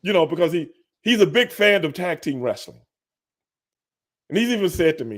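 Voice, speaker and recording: A man's voice: fairly high pitch, sing-song, normal speed, long pauses. A man from Texas hosting a casual interview show, talking in a laid-back way and dropping "man" into his sentences. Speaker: podcast host.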